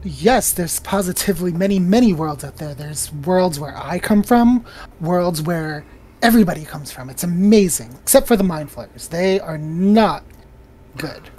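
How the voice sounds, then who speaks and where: A woman's voice: on the low side, lively intonation, unhurried, dark tone. A woman voicing a posh, tentacled male alien scholar who lectures with delight. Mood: lecturing.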